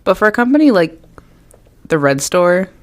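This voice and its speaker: A woman's voice: mid-range voice, big pitch swings. A woman co-hosting a podcast, chatting casually and telling stories with laughs and swearing. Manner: fast, laughing, swearing storyteller. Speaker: podcast co-host. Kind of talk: casual chat.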